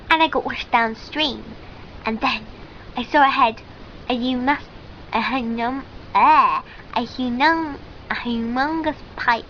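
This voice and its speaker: Giggly rambling woman with a bright voice. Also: sits high, highs cut off, slight background noise. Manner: rambling, giggly, with many ums and restarts. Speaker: comic storyteller in character. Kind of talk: comic sketch monologue.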